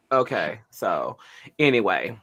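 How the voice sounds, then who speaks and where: Brief: a lively, dramatic man telling stories on a radio show, bright voice that swings widely. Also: fairly low pitch. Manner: animated, theatrical. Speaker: radio co-host. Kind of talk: casual storytelling chat.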